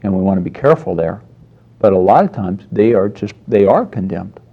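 A man's voice: sits low, expressive, fairly quick, creaky, breathy edge, lo-fi sound. A man preaching a sermon in a conversational way, telling stories and acting out quotes. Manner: storytelling with acted-out quotes, conversational.

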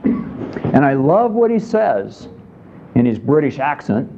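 A man's voice: mid-range voice, big pitch swings, slow, gravelly, dull audio, background noise. A man preaching a sermon in a conversational way, often asking his listeners questions. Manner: conversational, asks the congregation questions. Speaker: pastor.

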